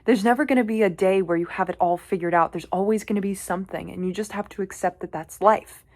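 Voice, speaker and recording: A young woman vlogger telling a personal story in a candid, animated way, with casual swearing. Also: mid-range voice, quick pace.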